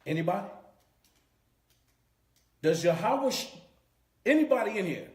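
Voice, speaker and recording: A man's voice: sits high, sing-song, unhurried. A man teaching a scripture class as a preacher, emphatic and repeating his key points. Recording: roomy echo.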